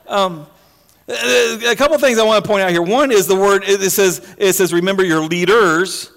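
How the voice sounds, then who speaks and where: A man's voice: high-pitched, expressive, moderate pace, a bit bright, in a large hall. A male pastor preaching a sermon in a church, emphatic, often repeating words and restarting phrases. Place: church sanctuary.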